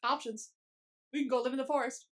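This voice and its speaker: A young woman co-hosting a podcast, chatting casually and swearing freely as she recaps a series. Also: sits high. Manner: swears a lot, quick and animated. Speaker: podcast co-host.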